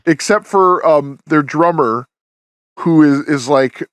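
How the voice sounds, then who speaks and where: Podcast host, male, fairly high voice, loose rambling delivery, dry close mic. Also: takes it slowly, a bit bright, no room sound. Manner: rambling, many restarts and fillers. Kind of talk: casual review chat.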